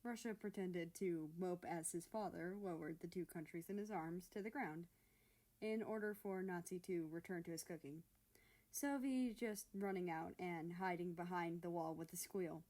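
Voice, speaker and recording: A woman reading fan fiction aloud as narrator. She keeps a steady, even storytelling delivery, voicing the prose between the characters' lines. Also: on the low side, normal speed.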